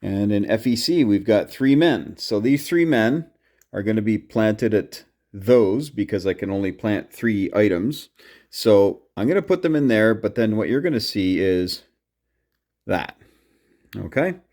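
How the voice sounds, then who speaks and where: Mellow low-voiced man narrating a board game. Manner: chatty, counts moves aloud. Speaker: board game player narrating his turn. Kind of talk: casual play-by-play narration.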